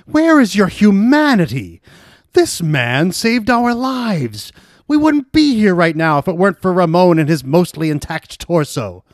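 A campy convict, played by a man, theatrical and pleading, his pitch leaping around. The sound is dry and close. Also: sing-song, measured pace, no echo.

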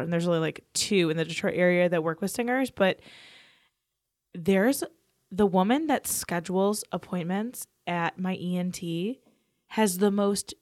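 A woman's voice: mid-range voice, no room sound, clean studio sound. A young woman who sings, co-hosting a podcast in casual chat, talking in a chatty way and earnestly giving advice on vocal health. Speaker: podcast co-host, singer. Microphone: podcast microphone.

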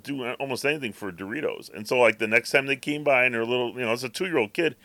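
Bright-voiced man telling rambling stories. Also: mid-range voice, fast talker. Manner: rambling storyteller, acts out the cat's thoughts. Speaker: podcast co-host. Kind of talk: casual chat.

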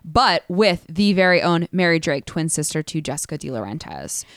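A young woman calmly laying out a tangled story on a podcast, with dry jokes. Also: low-pitched, normal speed, smooth, no room sound. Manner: matter-of-fact explainer, dry jokes. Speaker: podcast guest. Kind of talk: casual chat.

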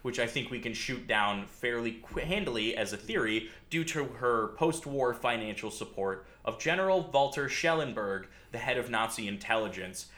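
A man's voice: medium pitch, animated, moderate pace, hardly any pauses, sharp tone, echoey room. A man hosting a podcast, telling a history story in a casual, sardonic way with frequent fillers.

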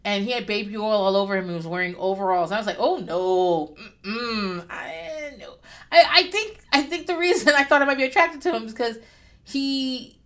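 Woman vlogger, higher-pitched, blunt and swearing, chatty TV reaction commentary. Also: quick pace. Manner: candid and profane, with lively asides.

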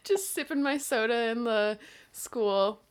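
Woman podcast co-host from Canada, casual and rambling, laughs a lot, swears, pitched a bit high. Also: takes it slowly, smooth. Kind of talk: casual chat.

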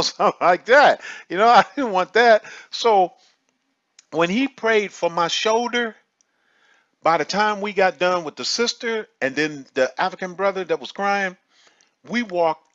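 A man's voice: a little high, a bit bright, no room sound, lo-fi sound. Earnest man giving a heartfelt testimony. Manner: earnest, emotional, repeats himself often. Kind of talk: personal testimony.

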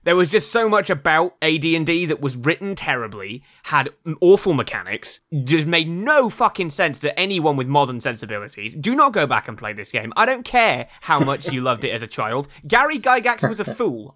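Bright, ranting man on a podcast. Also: fairly high pitch, very animated, normal speed, few pauses. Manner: ranting, blunt, laughing often. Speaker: co-host. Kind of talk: casual podcast chat.

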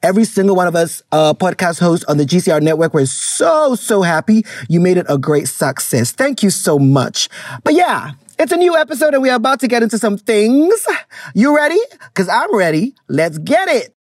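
A woman from Ghana with a Ghanaian accent hosting a casual solo podcast, animated and exclamatory, mixing English with Twi. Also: mid-range voice, normal speed, no echo, clean studio sound. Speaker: podcast host.

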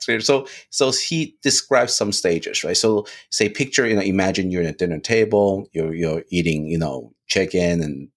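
A man talking casually on a podcast, animated, restarting phrases and often asking "right?". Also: sits low, moderate pace, few pauses. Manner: animated, repeats words, lots of "right?". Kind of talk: casual discussion.

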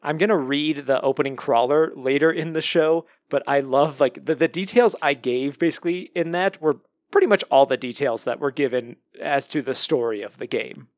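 A man hosting a casual podcast with an upbeat, joking manner and an easy laugh. His voice sits fairly high for a man. It is recorded close and dry on a studio mic. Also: moderate pace, few pauses, no room sound. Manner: upbeat and jokey, laughs easily. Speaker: podcast host.

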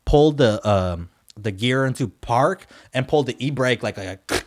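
A man's voice: medium pitch, animated, moderate pace. A man, co-hosting a podcast and telling a story in a rambling, slangy way with lots of fillers. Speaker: podcast co-host. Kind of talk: casual storytelling chat.

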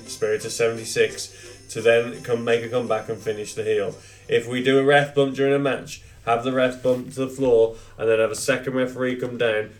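A man's voice: medium pitch, poor audio. British man reading a memo on a podcast. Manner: reads out rules with joking asides. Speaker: podcast co-host. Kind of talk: casual chat, reading a memo aloud.

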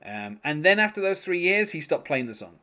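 A podcast host reviewing music chats casually, hesitant and full of fillers and restarts. His fairly high voice is very animated, brisk, bright, and forceful.

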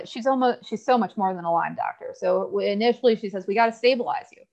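A woman's voice: medium pitch, a little mellow. A candid woman telling her story, slightly lo-fi. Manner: candid, storytelling, quick asides and laughs. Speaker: podcast guest. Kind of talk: casual interview chat. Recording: slightly dull lo-fi audio.

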